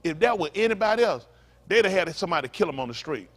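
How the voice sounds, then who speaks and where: A man preaches to his congregation with fiery emphasis. He repeats his points and slips in mocking asides. His voice sits high and swings widely from phrase to phrase. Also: animated, fast, fairly bright tone. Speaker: pastor.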